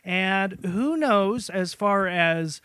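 Hesitant male podcaster, high, bright voice, halting delivery. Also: animated, smooth, dry recording. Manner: hesitant, many uhs and restarts. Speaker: co-host answering a question. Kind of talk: casual comedy podcast chat.

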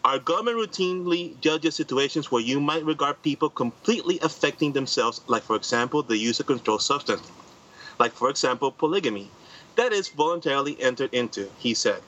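A man's voice: medium pitch, lively intonation, fairly quick, bright, forceful tone, rough recording. A man co-hosting a comedy podcast, reading news stories aloud and tripping over words now and then.

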